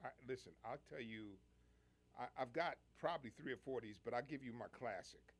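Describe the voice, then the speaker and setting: A man hosting a call-in radio show, telling stories in an animated way and laughing often. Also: medium pitch, fairly quick. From United States. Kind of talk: call-in radio chat, storytelling.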